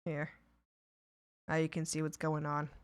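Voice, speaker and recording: A woman streamer chatting casually with her viewers while she works, muttering to herself and bursting into loud laughing exclamations. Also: low voice, monotone, a little slow. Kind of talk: casual livestream chat while working.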